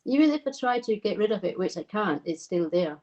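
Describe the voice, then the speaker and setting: Danish-born woman, Scottish accent, warm low tone, relaxed guest chatter. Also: fairly quick, poor audio. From Denmark. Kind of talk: casual chat on a live stream.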